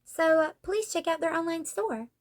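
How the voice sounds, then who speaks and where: A woman reading aloud as a shy, earnest young female model from a comic, speaking softly and sincerely. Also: very high-pitched, moderate pace, pitched above the performer's own voice.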